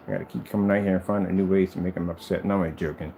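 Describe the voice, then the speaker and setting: A man's voice: low-pitched, level tone, racing, creaky, hardly any pauses, dark tone, a little hiss or hum. A man who makes projector screens, talking in a boastful, taunting vlog rant aimed at his critics.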